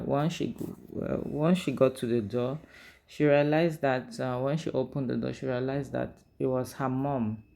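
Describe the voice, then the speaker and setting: A woman's voice: rumbling low, gravelly, dark tone. A woman, casually recapping and reviewing a drama series in a chatty, opinionated way. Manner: chatty, opinionated, frequent "like" and "you know".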